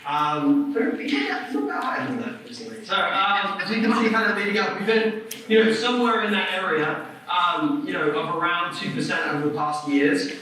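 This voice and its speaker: A man presents at a live seminar, talking loosely with plenty of fillers. His voice is bright and slightly high for a man. He sounds distant from the mic, and a big echoing room swallows his words. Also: normal speed, hardly any pauses, a little hiss or hum. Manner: casual, filler-heavy explaining. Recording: echoey hall from far off.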